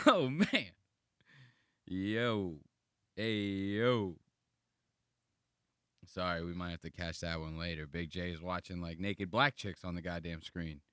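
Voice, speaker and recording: A man's voice: deep voice, fairly even intonation, a little slow, pauses often, fairly bright tone, clean tone, dry recording, clean studio sound. A man from the United States giving casual, rambling reaction commentary to videos, slangy and profane.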